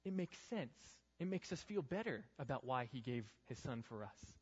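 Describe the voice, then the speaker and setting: An earnest young male youth pastor preaches a youth group sermon, building to pleading rhetorical questions. His voice is medium-pitched and slightly rough, with lively intonation and normal speed. The recording has a dull, reverberant hall sound.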